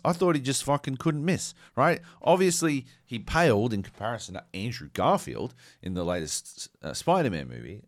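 Male podcast co-host, casual banter, sweary and animated, dry close mic. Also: medium pitch, no echo.

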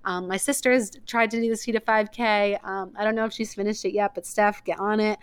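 Young female podcast host, chatty and emotional, filler-heavy, clear tone, dry booth sound. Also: medium pitch, fairly even intonation, fairly quick, no room sound. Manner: rambling, many "like" fillers, emotional. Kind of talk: casual chat.

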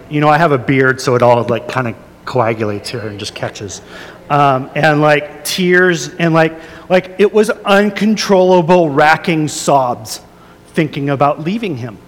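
This is a pastor, a man in his 30s with a medium-pitched voice, giving a confessional sermon with long hall reverb and slight background noise. Somewhat emotional and deeply earnest, he stumbles through fillers and restarts, starting soft and prayerful before building to emphatic peaks.

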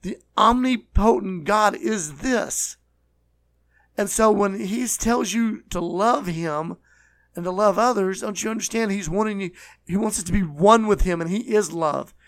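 A man preaching a sermon, earnest and repetitive, slowing down to stress key words. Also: high voice, fairly bright tone, no room sound. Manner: earnest, repeats phrases, slows for emphasis.

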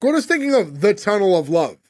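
Higher-pitched guy recapping a tv episode, kinda confused, dry close sound. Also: big pitch swings, brisk, no echo. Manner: puzzled, questioning, many "like" fillers. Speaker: podcast host. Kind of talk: casual chat, recapping an episode.

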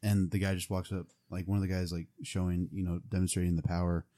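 A man's voice: low-pitched, little pitch movement, quick pace, dark tone. A man in casual chat, rambling with restarts and laughing often.

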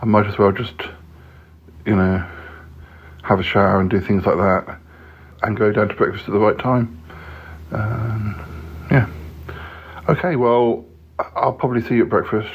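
In a dull, lo-fi recording made in a hotel room, a podcast host with a fairly low, slightly rough voice chats by himself. His casual talk rambles and hesitates, full of ums.

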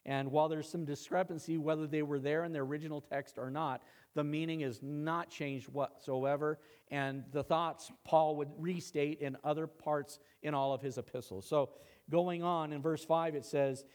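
A man's voice: a little high, fairly even intonation, normal speed, darkish tone. A male pastor preaching a sermon, dramatic and conversational, acting out quoted lines and making asides. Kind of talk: expository sermon.

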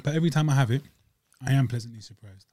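A man's voice: mid-range voice, very fast, a little mellow. A man, co-hosting a podcast and joking through a casual dessert review with slang and banter. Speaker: podcast co-host. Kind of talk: casual food review chat.

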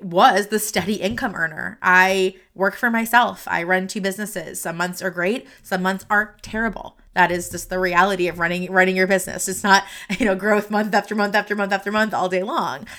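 Woman, podcast host, heartfelt, rambling, animated, talks straight to listeners, mid-pitched voice. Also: fairly quick, hardly any pauses. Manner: earnest, rambling, heartfelt, addresses listeners directly; animated, gestures while talking. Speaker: podcast host and career coach. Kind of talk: unscripted solo podcast talk. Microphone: desk podcast microphone.

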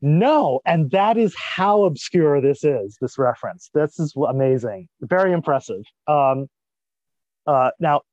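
A man's voice: on the high side, expressive, darkish tone, no echo, lo-fi sound. A man co-hosting a podcast in casual chat, playful and teasing. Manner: playful, teasing, quick to laugh. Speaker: podcast co-host.

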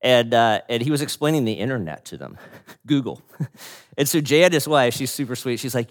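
Male pastor, sermon, animated storyteller, swooping intonation, long hall echo. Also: mid-range voice, moderate pace. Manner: animated storyteller, laughing, frequent restarts.

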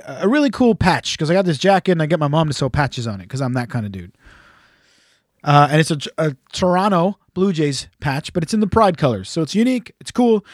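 High-voiced man telling a profane story. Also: no room sound, clean studio sound. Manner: profane, rambling, jokey storyteller. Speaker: podcast host. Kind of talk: casual storytelling chat.

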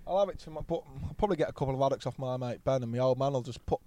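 A man's voice: medium pitch, very fast, dark tone. A man, a podcast guest telling rambling anecdotes bluntly and swearing freely. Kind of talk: casual storytelling chat.

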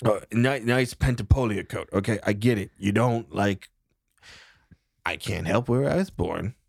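A man's voice: lowish voice, measured pace, vocal fry, darkish tone, no room sound, studio quality. A man voicing a jittery young male medic who has a head cold, talking in a stuffy, nasal, rambling and defensive way. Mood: nervous.

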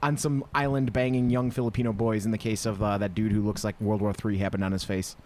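A man's voice: lowish voice, little pitch movement, quick pace, a little mellow. A man chatting casually on a podcast, sarcastic and laughing often, swearing freely.

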